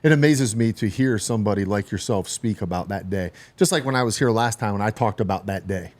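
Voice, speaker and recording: A man's voice: on the low side, a little fast, darkish tone. A man speaking as a podcast guest in a reflective, earnest way, asking questions in long strung-out sentences. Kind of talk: conversational interview.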